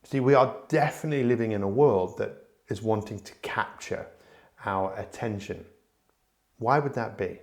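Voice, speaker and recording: A middle-aged man with a low, gravelly voice hosts a solo podcast. He talks to the listener directly in an earnest, reflective way, often restarting his sentences as he thinks aloud. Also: normal speed. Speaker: podcast host.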